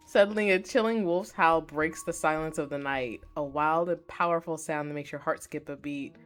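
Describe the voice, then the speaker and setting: A woman streamer reading a story game aloud live, excitable, swearing and reacting loudly between passages. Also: deep voice, normal speed, faint music behind. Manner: excitable, swears, squeals at cute moments.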